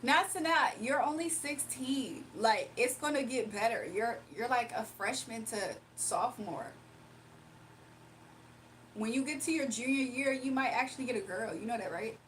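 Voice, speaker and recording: A woman's voice: a little high, normal speed, a little hiss or hum. A young woman livestreamer chatting casually and reading her chat aloud, sarcastic and playful, laughing often.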